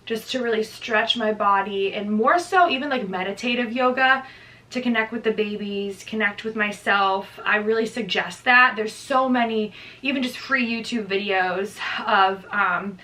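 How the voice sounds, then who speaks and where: A young woman, pregnant, talks through her week-by-week notes in a loose, chatty vlog style with plenty of "like" fillers. Her voice is bright and forward. She sits a bit away from the microphone, so the sound is slightly distant. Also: medium pitch, moderate pace. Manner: chatty, lots of "like", reading from notes. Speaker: vlogger. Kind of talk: casual pregnancy update vlog.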